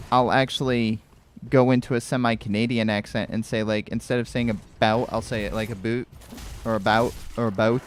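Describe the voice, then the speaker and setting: A man from Connecticut narrates his gameplay in a loose, chatty way, circling back on his own words with ums and restarts. His voice sits at an ordinary middle pitch. A faint background hum runs under the home recording. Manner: rambling, chatty, many restarts. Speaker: gaming streamer. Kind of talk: casual let's-play commentary.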